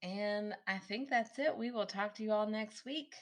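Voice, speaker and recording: A woman co-hosting a podcast in casual chat, chatty and quick to laugh. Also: medium pitch. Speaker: podcast co-host.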